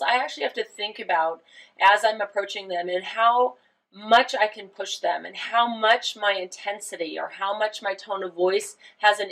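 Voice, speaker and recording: A woman's voice: mid-range voice, rough recording. Woman giving a coaching lesson. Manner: explanatory, emphatic with rhetorical questions. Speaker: volleyball coach. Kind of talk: instructional presentation.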